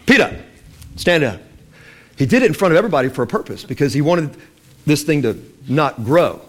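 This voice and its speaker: A man delivering a sermon in a casual storytelling style, his voice sitting a little high. He acts out the lines of the figures in his stories, then drops back into plain, rambling explanation full of restarts and fillers. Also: fast talker. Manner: animated storytelling, acting out voices of Bible figures; loose and conversational, with restarts and fillers. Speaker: preacher.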